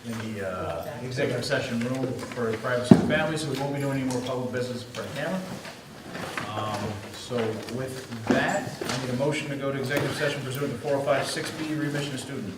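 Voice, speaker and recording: A man's voice: medium pitch, fast. A man chairing a school board meeting, running the agenda with dry, joking asides. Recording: echoey room, distant mic, noisy.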